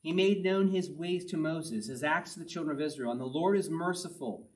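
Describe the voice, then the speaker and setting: A man's voice: on the high side, fairly quick, recorded from a distance, rough recording. A man preaching a sermon in a conversational way, reading scripture aloud and repeating his key points for emphasis. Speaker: pastor.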